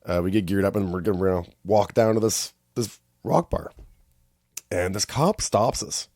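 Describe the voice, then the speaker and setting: Animated Canadian man telling a road-trip story. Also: moderate pace, dry recording, studio quality. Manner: animated storyteller, acts out quotes in high voices. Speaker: podcast co-host. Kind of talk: casual chat.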